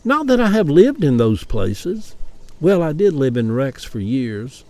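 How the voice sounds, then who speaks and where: A Southern man from Atlanta rambles through a casual personal monologue, chatty and openly opinionated. His voice sits a bit high for a man but sounds dark and mellow, and it swings widely in pitch at an unhurried pace. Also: sing-song. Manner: chatty, opinionated, wry ranting. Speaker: vlogger.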